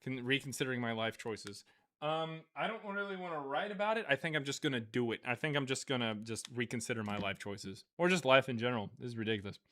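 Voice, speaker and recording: A man's voice: mid-range voice, expressive, fast talker, bright, forceful tone. A man hosting a live stream, reading out viewer donations in a loose, rambling way, with lots of fillers and frequent chuckles. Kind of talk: casual live-stream chat.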